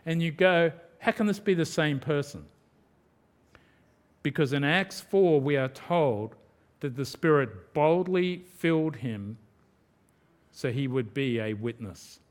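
A pastor preaches in a relaxed, conversational way, often slipping into little acted-out quotes. His voice sits a bit higher than most men's. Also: slow pace, long pauses. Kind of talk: sermon.

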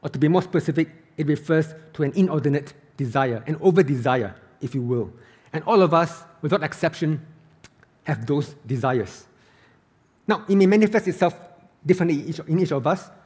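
A man's voice: fairly high pitch, animated, a little fast, a little mellow, slightly rough. A man preaching an earnest, emphatic sermon as a pastor, reading scripture aloud.

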